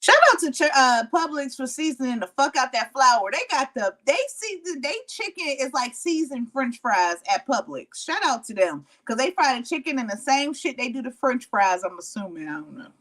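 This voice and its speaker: Blunt playful woman, slightly high voice. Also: sing-song, moderate pace, hardly any pauses, a bit bright. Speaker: podcast guest and host. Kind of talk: casual podcast chat.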